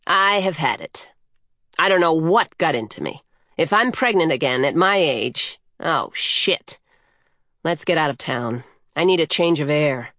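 Coyote, a crude shrugging trickster gal with a low unhurried drawl, as a woman reader puts her on, blunt and offhand, the way a storybook reading would voice her, recorded close and dry with no room sound. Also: animated, a bit bright, no echo. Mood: gruff, offhand. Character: coarse, lazy female trickster coyote.

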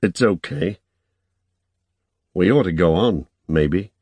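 A man reading the lines of a gentle young man in a low, calm, reassuring way. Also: takes it slowly, breathy edge, dry recording, heavily acted.

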